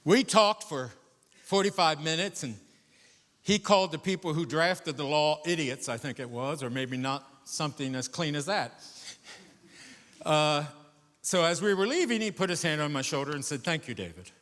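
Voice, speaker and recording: An older man performing a solo stage monologue, animated, going from loud emphasis to hushed asides. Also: a little high, moderate pace. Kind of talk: theatrical storytelling monologue. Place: theater stage before a live audience. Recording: echoey theater with long reverb.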